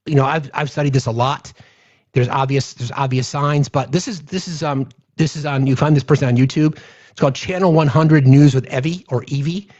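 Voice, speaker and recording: High-voiced man in a profane rant. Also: a little mellow. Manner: profane, heated, reads legal text aloud. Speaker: political commentary host. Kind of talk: angry political rant. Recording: dull lo-fi audio.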